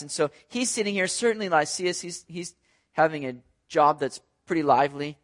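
Conversational pastor with a high voice, walks the congregation through scripture. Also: male voice, normal speed. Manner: conversational, animated, repeats words. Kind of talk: expository sermon.

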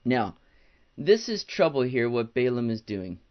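A man's voice: medium pitch, very animated, unhurried. A man preaching a sermon in an earnest, conversational way, reading scripture and paraphrasing it, in a large hall with a dull recording. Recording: dull sound with long hall reverb.

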